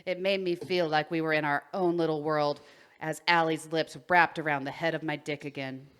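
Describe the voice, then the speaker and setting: A woman's voice: deep voice, fairly even intonation, normal speed, a bit bright, clear, resonant tone. A woman co-hosting a podcast, reading a story aloud, stumbling over words and breaking into giggles. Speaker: podcast co-host.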